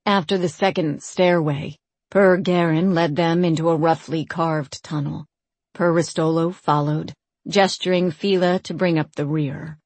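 A woman narrating a fantasy audiobook in a steady, even storytelling manner. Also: deep voice, a little slow, no echo.

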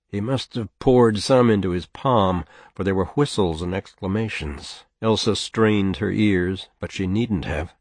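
A man narrating a novel as an audiobook in a measured, even storytelling manner. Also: deep voice, dry recording.

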